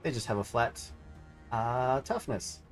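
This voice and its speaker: A man's voice: medium pitch, animated, measured pace, soft background music. A man acting as game master, calling out rolls and damage in a matter-of-fact way. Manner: matter-of-fact rules calls. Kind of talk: running a tabletop game.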